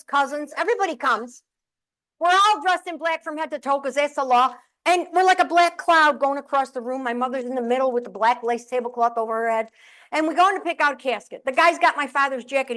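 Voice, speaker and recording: Middle-aged ny woman doing a funny keynote, acts out her family, voice a bit high. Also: a bit bright. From upstate New York. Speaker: keynote speaker and humorist. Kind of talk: humorous keynote storytelling. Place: conference room with audience.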